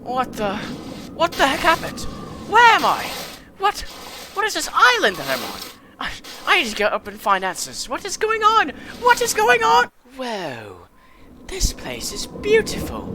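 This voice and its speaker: A woman's voice: very high-pitched, huge pitch swings, a little slow, background noise, exaggerated voice. A woman voicing a panicky male time traveller, with frantic, repetitive exclamations in amateur comedic acting.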